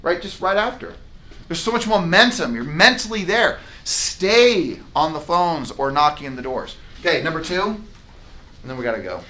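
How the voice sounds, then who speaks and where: Bright, emphatic male sales trainer. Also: a little high, moderate pace. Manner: energetic, emphatic, acts out client dialogues. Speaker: real estate sales trainer. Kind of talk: live training talk to agents. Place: training room with a whiteboard.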